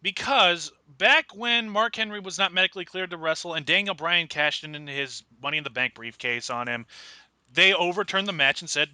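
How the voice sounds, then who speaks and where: Exasperated male co-host, tense bright voice, dry close sound. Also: high-pitched, moderate pace, dry recording. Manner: explaining, exasperated, stammers. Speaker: podcast co-host. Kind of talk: casual wrestling chat.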